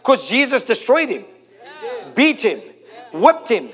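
A preacher in his forties with a notably high-pitched voice. He delivers his sermon emphatically, repeating and drawing out his key phrases. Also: huge pitch swings, takes it slowly. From South Africa.

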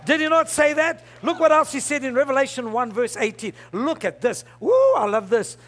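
High, bright-voiced fervent preacher man. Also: very animated, normal speed. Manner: fervent preaching, bursts into shouts. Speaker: pastor. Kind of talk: sermon.

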